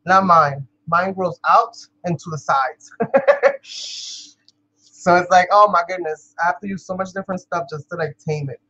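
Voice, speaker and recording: A woman's voice: on the low side, moderate pace, fairly bright tone, highs cut off. Chatty New woman crafting vlogger. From New York. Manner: chatty, laughs often, talks to viewers as "you guys". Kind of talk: casual chat while crafting.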